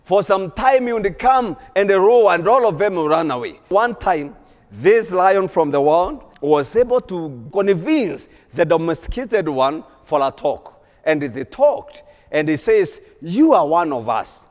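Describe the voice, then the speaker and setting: A man preaching a sermon in a church, animated and exhorting with repeated calls to the congregation. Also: high-pitched, measured pace. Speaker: pastor. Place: church hall. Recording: long church hall reverb.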